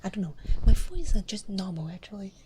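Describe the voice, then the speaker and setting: A woman ASMR streamer chats to her viewers in a soft, breathy whisper, playful and quick to giggle. Her voice sits close on a binaural mic, and the stream audio carries clear noise and clicks. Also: medium pitch, big pitch swings. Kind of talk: whispered casual chat on a live stream. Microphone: binaural and condenser studio mics.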